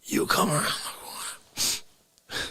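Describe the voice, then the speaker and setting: A man playing an indignant, easily offended Bronx man in an improvised comedy rant, lurching between shouts and whispers. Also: slow pace, no room sound.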